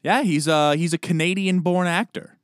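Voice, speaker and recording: A man co-hosting a podcast in casual chat, animated and joking, with quick asides. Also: high-pitched, clear, resonant tone, dry recording, studio quality. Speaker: podcast co-host.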